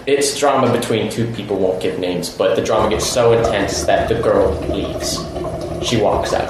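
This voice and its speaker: A man's voice: medium pitch, moderate pace. A man hosting a podcast, telling a long story to friends in a casual chat, laughing and acting out what people said. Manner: animated, laughing storyteller with acted-out quotes. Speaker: podcast host. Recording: echoey room with background noise.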